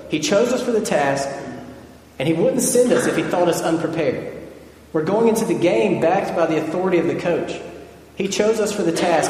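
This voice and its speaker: Earnest pastor preaching in an echoey hall. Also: male voice, on the high side, darkish tone. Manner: earnest, building repetition. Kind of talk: sermon. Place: church sanctuary.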